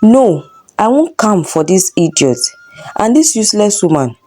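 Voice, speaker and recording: A woman voicing a jealous middle-aged husband who shouts accusations at his wife. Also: mid-range voice, sing-song, unhurried, soft background music. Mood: furious shouting.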